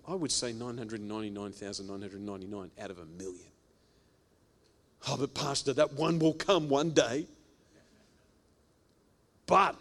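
A male pastor delivers a sermon in a voice of ordinary, middle pitch. He preaches emphatically, repeating phrases for effect. He swings from loud, raised exclamations to hushed, lower passages.

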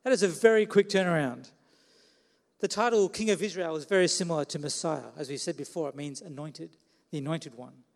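A man's voice: fairly high pitch, a little fast, vocal fry, long reverb tail. A man preaching a sermon in a conversational way, putting questions to the listeners.

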